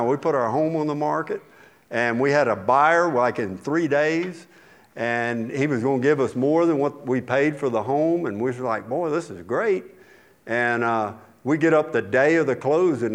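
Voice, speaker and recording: A man in his sixties, a pastor delivering a sermon with folksy, conversational storytelling. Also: medium pitch.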